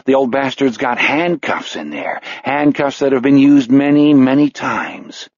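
A man narrating an audiobook in a measured voice, slowing on grim details. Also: mid-range voice, animated, no room sound, highs cut off.

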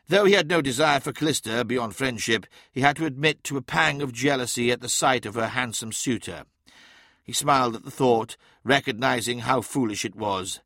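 A man reading an audiobook in a measured scripted narration, shifting his voice for characters. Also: medium pitch, vocal fry, fairly bright tone, no echo, clean studio sound.

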